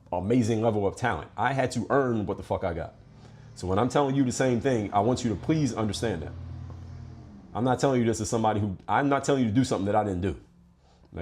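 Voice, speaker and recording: Fast-talking, blunt, profane man. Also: fairly low pitch, darkish tone. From Philadelphia. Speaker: podcast host. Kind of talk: blunt motivational monologue.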